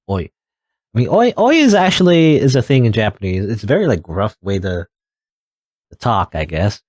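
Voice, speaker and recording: A young man doing let's play commentary, reading game text aloud and musing over it in a halting way with wry asides. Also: lowish voice, very animated, darkish tone, dry recording.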